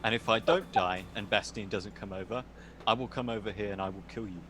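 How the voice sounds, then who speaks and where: A man's voice: lowish voice, brisk, fairly bright tone, slight background noise. A man playing a tabletop game, talking casually and making threats in character. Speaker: player.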